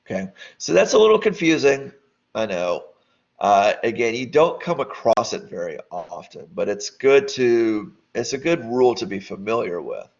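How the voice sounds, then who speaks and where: A man's voice: medium pitch, big pitch swings, normal speed, gravelly. A man teaching a casual grammar lesson, loose and rambling with many fillers and restarts. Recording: dull lo-fi audio.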